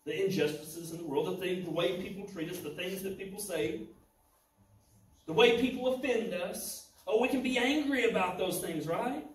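A male pastor delivers an impassioned sermon, his voice pitched very high for a man. He is recorded from a distance, and the church room adds a lot of echo. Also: moderate pace. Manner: impassioned preaching, rising to shouts. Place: church sanctuary. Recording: echoey church hall, mic at a distance.

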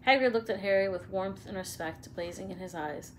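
A woman reads a children's novel aloud in a steady, expressive way, with an ordinary mid-range voice. A faint hum runs behind her. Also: medium pitch, brisk, few pauses. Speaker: storyteller.

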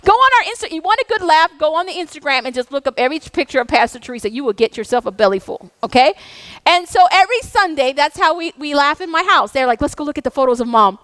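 A middle-aged woman pastor delivers a sermon with intense, animated energy. Her voice sits high, and she drops into playful, self-mocking asides. The sound is dry and close, with little room around it. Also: fast talker, no echo. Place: church sanctuary.

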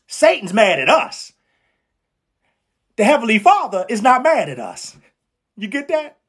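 Fervent woman preaching with repeated call-outs. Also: high-pitched. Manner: casual, slangy delivery. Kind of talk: live-streamed street-style sermon.

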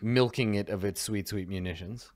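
Jokey excitable man at a game table. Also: on the low side, normal speed. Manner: jokey, excitable, trails off quietly. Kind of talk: casual game planning chat.

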